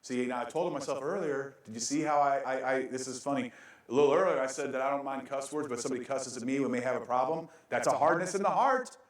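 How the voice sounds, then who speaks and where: A man's voice: medium pitch, fast, recorded from a distance. A male pastor preaching a sermon with a joking, self-mocking manner and frequent laughs, recorded in a church sanctuary. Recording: very echoey church room.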